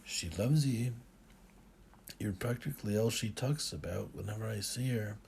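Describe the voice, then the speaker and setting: An audiobook reader voicing an older father with a low, slow, soft-spoken manner. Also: creaky, a little hiss or hum. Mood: chiding. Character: older Scottish father, gruff but tender.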